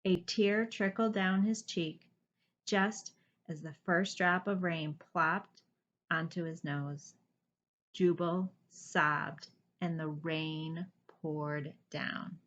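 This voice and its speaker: A woman teacher reading a children's picture book aloud, with expressive, dramatic storytelling. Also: on the low side, drawn-out words, a little hiss or hum. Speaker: first-grade teacher. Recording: slightly dull lo-fi recording.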